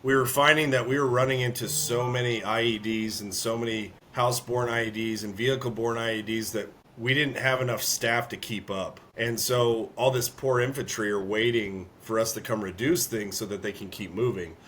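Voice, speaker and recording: A man, an army veteran, telling a war story in an interview, earnest and halting, often clearing his throat. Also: mid-range voice, steady tone, fairly bright tone, a little hiss or hum.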